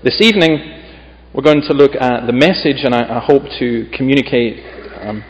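A man's voice: medium pitch, normal speed, long reverb tail, poor audio. A man with a Scottish accent preaching as a visiting preacher in a church. He reads scripture with emphasis and adds chatty, humorous asides. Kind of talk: sermon.

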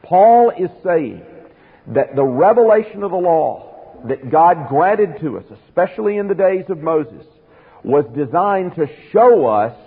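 A man's voice: a little high, breathy edge. Man preaching over a tinny, echoing broadcast. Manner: earnest, emphatic teaching with rhetorical questions. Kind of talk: sermon. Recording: phone-like radio broadcast in a reverberant hall.

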